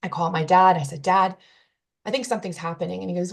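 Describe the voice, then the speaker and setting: An earnest woman with a slightly low voice tells a personal story in an interview. She recounts events with feeling and quotes what others said along the way. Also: fairly even intonation, fast, creaky. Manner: earnest, emotional retelling with quoted dialogue. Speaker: guest telling her story.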